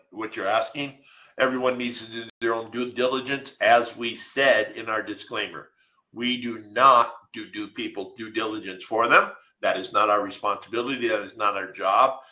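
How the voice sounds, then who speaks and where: A man co-hosting a live webinar answers viewer questions from the chat in an emphatic, direct way. His mid-range voice has a sharp tone, and the audio is poor and roomy.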